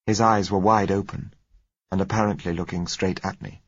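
Deep husky male audiobook narrator. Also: steady tone, moderate pace, dry recording. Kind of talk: first-person novel narration. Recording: dull, dry lo-fi recording.

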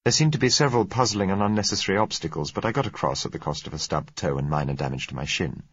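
A man reading a first-person novel aloud as an audiobook narrator, in a measured, tense storytelling manner, on a dull, lo-fi recording. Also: low voice, animated, fairly bright tone, breathy edge, no echo.

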